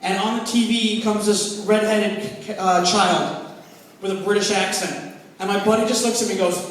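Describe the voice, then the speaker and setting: High-voiced young man doing stand-up. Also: fairly even intonation, normal speed, slight background noise. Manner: profane, conversational storytelling. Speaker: stand-up comic. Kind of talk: stand-up comedy set. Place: comedy club stage. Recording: echoey club, captured from far off.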